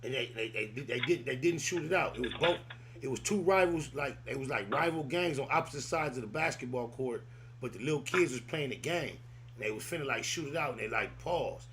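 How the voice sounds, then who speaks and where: A man's voice: mid-range voice, animated, a little fast, fairly bright tone, a little hiss or hum. A man hosting a podcast, telling stories casually in loose street slang. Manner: loose, rambling storytelling full of street slang. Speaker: podcast host. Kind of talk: casual chat.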